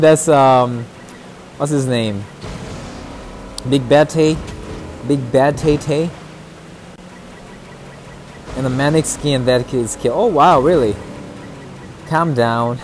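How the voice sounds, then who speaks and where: In a darkish, medium-pitched voice, a man takes his time and leaves long pauses while streaming a shooter game. He chats casually with his viewers and playfully trash talks opponents, over slight background noise.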